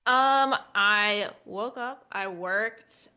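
Chatty girl in her 20s, bubbly, bright tone, kinda dull audio. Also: medium pitch, very slow, slight background noise. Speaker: guest streamer. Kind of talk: casual chat.

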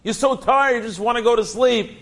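A man doing a shrill ten-year-old girl. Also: a little fast, creaky, fairly bright tone, heavily acted. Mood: pleading. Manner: pleading, then shrieking in alarm.

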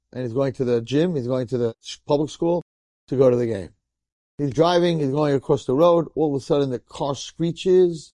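A man, a rabbi, telling a story in a sermon in a lively, conversational way, acting out the people in it. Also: mid-range voice, no room sound, clean studio sound. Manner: animated, conversational, acts out quotes.

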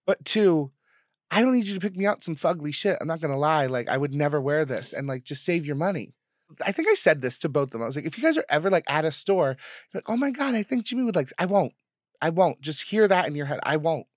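A young man co-hosting a casual podcast chat, telling animated, profanity-laced stories with a dry close sound. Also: on the high side, fast talker, dry recording. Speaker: podcast co-host.

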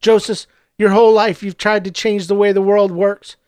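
A man voicing a kind older woman whose voice is gravelly, speaking gently. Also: sits high, flat delivery, moderate pace, no room sound, clean studio sound, lightly acted. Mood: consoling. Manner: gentle, consoling.

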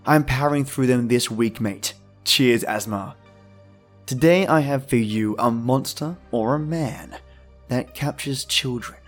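A man narrating a creepy tale at a middle pitch, unhurried and low in volume. He sounds friendly and chatty, with faint music underneath. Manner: friendly, chatty intro, then slow hushed reading. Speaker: podcast host and narrator. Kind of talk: scripted horror story narration.

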